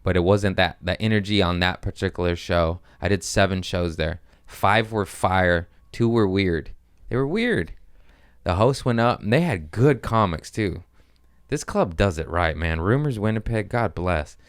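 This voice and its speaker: Male comedian host, deep resonant voice, crude casual storytelling. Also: a little slow, smooth, dry recording, studio quality. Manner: animated storytelling with crude language. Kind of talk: casual monologue.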